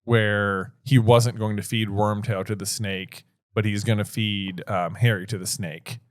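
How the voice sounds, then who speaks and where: A man's voice: on the low side, fairly even intonation, a little slow, no echo, studio quality. A man co-hosting a book podcast, chatting casually and laughing often. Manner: chatty, laughs often, reads listener reviews aloud. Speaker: podcast co-host. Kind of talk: casual chat.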